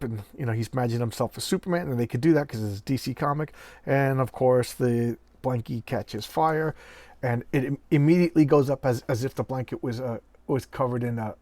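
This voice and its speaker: A man's voice: mid-range voice, a little fast, darkish tone, no room sound. Middle-aged male comic reviewer, chatty and loose, mid-range voice, dry close sound. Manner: chatty, acts out comic dialogue in bits, self-correcting. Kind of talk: casual show-and-tell chat.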